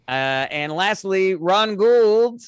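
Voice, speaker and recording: A man co-hosting in casual chat, reading out donations in an offhand, rambling way. His voice sits high and swings around a lot. The sound is dry and close. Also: lively intonation, slow, clear, resonant tone, no echo.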